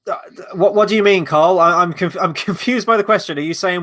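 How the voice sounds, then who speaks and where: A man's voice: high voice, brisk, hardly any pauses, pushed and bright. Rambling man hosting a movie watchalong. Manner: rambling, swears casually; reads out and answers chat questions. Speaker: host. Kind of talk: live movie watchalong commentary.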